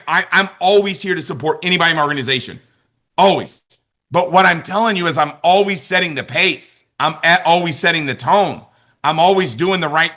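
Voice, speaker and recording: A man in his forties delivers a motivational training talk in a bright, forceful voice pitched a little above the usual. He hammers key lines home by repeating them and keeps asking his listeners whether they understand. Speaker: network marketing trainer.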